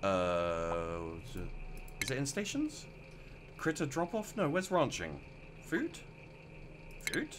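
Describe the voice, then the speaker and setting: A man's voice: mid-range voice, huge pitch swings, slow pace, long pauses, noisy background. A man casually commentating his gameplay, rambling and mocking himself as he plays. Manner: rambling, self-mocking, talks to himself while playing. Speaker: let's play gamer.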